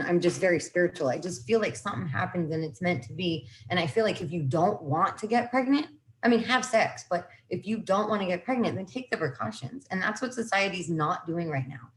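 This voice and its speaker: A woman in casual conversation, rambling and self-interrupting as she talks through her views and quotes her own past reactions. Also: medium pitch. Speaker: guest.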